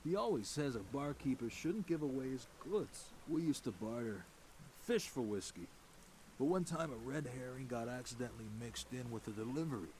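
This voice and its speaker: An actor playing a gruff, sardonic fisherman in a game, with a put-on accent and a folksy manner. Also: medium pitch, lively intonation, normal speed, a little mellow, a little hiss or hum, lightly acted. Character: gruff middle-aged male fisherman. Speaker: game character.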